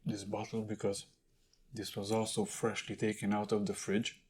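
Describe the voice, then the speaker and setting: A man's voice: lowish voice, flat delivery, moderate pace, a little mellow, a little hiss or hum. A man talking casually to camera in a food tasting vlog, explaining and eating as he goes. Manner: chatty, talks while eating and handling jars. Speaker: food vlogger.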